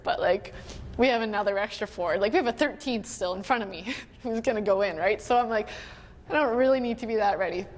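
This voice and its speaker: A young woman from Canada tells a personal story to a conference audience. She talks in a casual, chatty way, full of "like"s, and acts out what other people said. Her voice sits at a middle pitch, with a long reverb from a big hall and faint noise behind it. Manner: chatty, many "like"s, quotes others, emotional at moments. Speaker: conference speaker.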